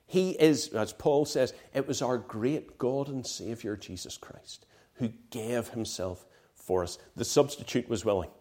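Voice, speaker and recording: A man's voice: mid-range voice, a little slow, a little mellow. A man preaching a sermon in an impassioned, emphatic way, often asking his listeners "right?".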